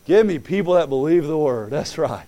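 A man preaching a fervent sermon, reading scripture aloud and swinging from quiet asides to loud exclamations. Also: on the high side, animated, normal speed. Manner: acts out quoted voices in dialogue.

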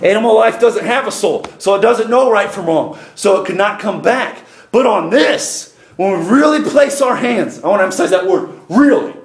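Middle-aged preacher guy, high voice, fired up sermon, lots of echo. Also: fairly quick, hardly any pauses. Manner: reads scripture aloud and comments, rising to fervent shouts.

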